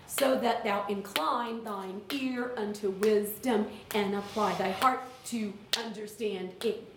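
A woman's voice: a little high, slight background noise. Chatty teacher woman in an echoey room. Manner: lively, chatty, with teacherly asides. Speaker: teacher leading a workshop. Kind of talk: live classroom-style workshop talk. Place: room with audience. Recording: echoey room, far from the mic.

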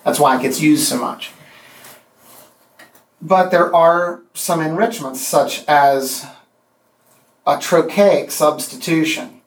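A man teaching a poetry class, speaking haltingly with restarts and counting out the beats of meters. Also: a little high. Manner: halting, many restarts and fillers, counts out rhythms. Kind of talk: classroom lecture. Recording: echoey room from far off.

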